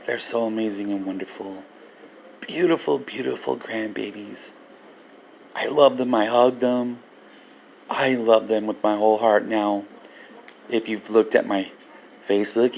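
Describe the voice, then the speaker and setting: Older male vlogger, gravelly grain, warm animated storyteller. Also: on the low side, a little slow, slight background noise. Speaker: Christian ministry vlogger. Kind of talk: personal storytelling testimony.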